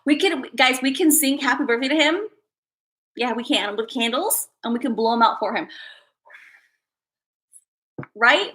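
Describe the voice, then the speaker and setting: A young woman chats to her viewers on a casual livestream, bubbly and easily excited. Her voice sits high and sounds bright and forceful. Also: unhurried, long pauses. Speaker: livestream host.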